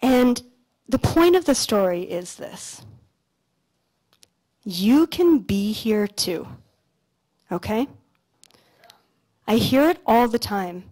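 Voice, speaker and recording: Woman, slightly high voice, casual storyteller, conference speaker, motivational stage talk. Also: slow, pauses often, poor audio. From Canada. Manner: storytelling, casual and animated, swears freely. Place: lecture stage at an expo.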